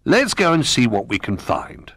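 A man's voice: medium pitch, wildly swooping pitch, moderate pace. A man voicing a friendly, helpful male toy in a storybook reading.

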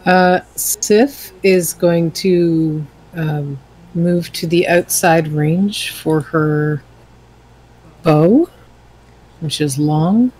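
A player in a tabletop game, talking slowly and hesitantly with many ums. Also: medium pitch, darkish tone, husky, poor audio.

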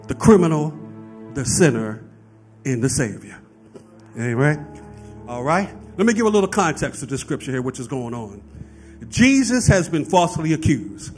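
Impassioned high-voiced male preacher. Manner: preaching with rising fervor, frequent "right?" asides. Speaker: pastor. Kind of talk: sermon.

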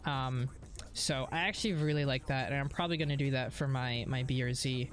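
A woman's voice: rumbling low, a little fast. A young woman live-streaming a driving game, chatting casually, swearing freely and answering chat messages.

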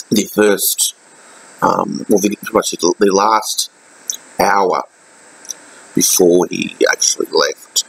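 Australian man, deep gravelly voice, emotional personal video diary, halting delivery with fillers. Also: fairly even intonation, a bit bright, low-quality recording. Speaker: vlogger.

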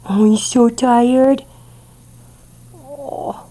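A woman talking baby talk to a young puppy while filming it, cooing in a sing-song way and sometimes dropping to soft whispers. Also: high-pitched, expressive, unhurried.

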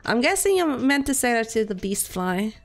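A woman streaming a game and chatting casually with friends, giggly and playful, often breaking into squeaky silly voices. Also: sing-song, normal speed, gravelly, soft background music. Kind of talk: casual gameplay chat with friends.

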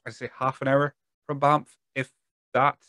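A man's voice: medium pitch, level tone, normal speed, pushed and bright, clear, resonant tone, no room sound. A Scottish man hosting a podcast interview, chatting casually and rambling with laughs. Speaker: podcast host.

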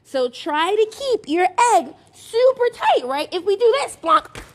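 A young woman teaching a sing-song music and movement class for toddlers, bubbly and encouraging, with excited gasps. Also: very high-pitched, unhurried.

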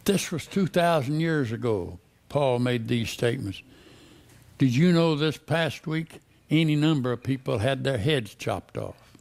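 Male pastor, unhurried and emphatic, gravelly tone. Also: medium pitch, expressive, darkish tone. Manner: slow, emphatic preaching with repeated questions. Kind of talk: sermon.

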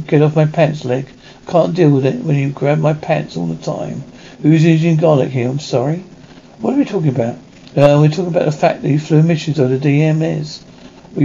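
A man reading a television episode script aloud and voicing every part himself in a flat read-through, on a dull, slightly lo-fi recording with faint hiss. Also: on the high side, vocal fry. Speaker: radio reader.

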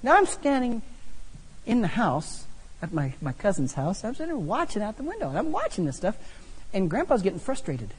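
A man preaching a sermon, telling funny personal stories with animated delivery. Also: sits high, fairly quick, husky. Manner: animated, humorous storytelling. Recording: long hall reverb.

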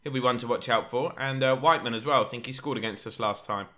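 Excitable lad commenting on a football game. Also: male voice, mid-range voice, fast talker. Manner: excitable, shouts at big chances. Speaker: gaming YouTuber. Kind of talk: live gameplay commentary.

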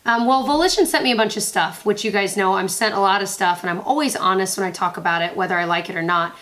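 In this chatty makeup-review vlog, a beauty vlogger in her twenties talks fast in a mid-range, fairly bright voice. Bubbly and prone to rambling, she keeps interrupting herself with asides.

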